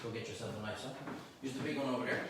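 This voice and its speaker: A man's voice: mid-range voice, steady tone, rapid-fire. A middle-aged man with an Irish accent hosts a live cooking demonstration in his home kitchen, talking his viewers through a recipe and teasing his helpers with banter. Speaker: cooking show host. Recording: echoey kitchen, mic at a distance, faint noise.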